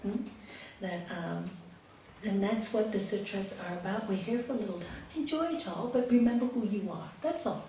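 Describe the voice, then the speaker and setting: Expressive woman teaching in an echoey hall. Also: mid-range voice, normal speed, a little hiss or hum. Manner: expressive, lively, with laughs and hushed asides. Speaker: yoga teacher. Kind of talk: spiritual talk with storytelling. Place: meditation hall. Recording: echoey room from a distant mic.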